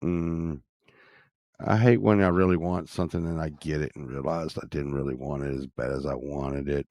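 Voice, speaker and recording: A man's voice: extremely low pitch, steady tone, normal speed, darkish tone, dry recording. A man talking casually in a rambling vlog, cursing now and then and jumping from topic to topic, recorded close on the mic. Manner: rambling, profane, jumps between topics. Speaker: vlogger.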